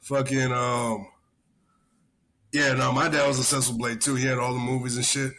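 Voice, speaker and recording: A man co-hosting a casual podcast, talking in a profane, rambling, animated way and telling stories. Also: medium pitch, normal speed. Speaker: podcast co-host. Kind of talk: casual chat.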